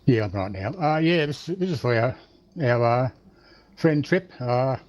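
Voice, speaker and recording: A man, a race driver giving a halting post-race interview, choked up with emotion and stumbling over fillers. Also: mid-range voice, lively intonation, a little mellow. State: emotional, fighting tears. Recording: dull lo-fi voice chat audio.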